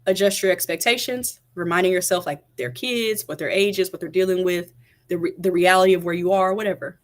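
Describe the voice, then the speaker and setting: A woman's voice: on the low side, brisk. A woman in her thirties, a mother of toddlers, giving casual parenting advice to viewers on a live stream in a direct, chatty way. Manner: chatty, direct, addresses viewers, many fillers like "like" and "right?".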